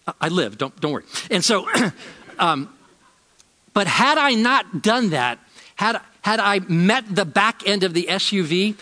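Bright-toned storytelling pastor, a man. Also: high voice, animated, long reverb tail. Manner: storytelling, shifts from loud emphasis to slow, quiet lines; repeats key lines slowly for emphasis. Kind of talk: sermon.

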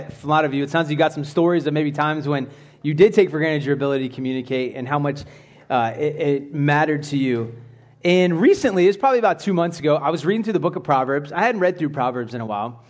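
This is a man with a slightly higher voice, giving a relaxed, chatty sermon. He talks like he is catching up with friends, drifting into side stories and starting his sentences over. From United States. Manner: chatty, rambling with asides and restarts. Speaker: church speaker. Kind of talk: casual conversational sermon.

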